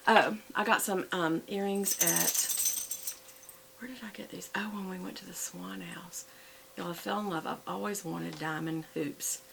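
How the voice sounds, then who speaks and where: Gravelly-voiced woman vlogger. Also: on the low side, steady tone, measured pace, noisy background. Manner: chatty, rambling, with many fillers and self-corrections. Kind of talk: casual show-and-tell chat.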